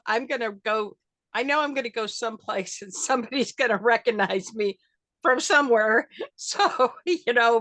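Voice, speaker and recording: Bright-voiced older woman. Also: mid-range voice, dry recording. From Arkansas, USA. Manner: chatty, folksy, laughs often, acts out quotes. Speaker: wrestling fan character, guest. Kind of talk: casual storytelling interview.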